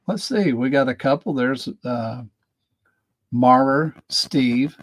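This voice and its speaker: A man's voice: medium pitch, slow, no room sound. A man co-hosting a casual livestream, playfully greeting viewers from his channel. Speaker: livestream co-host. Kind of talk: casual chat.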